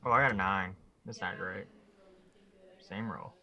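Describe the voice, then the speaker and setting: A man's voice: low voice, a little slow, bright, forceful tone. A man playing a tabletop game, asking dry questions in character. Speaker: player. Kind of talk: casual in-character play.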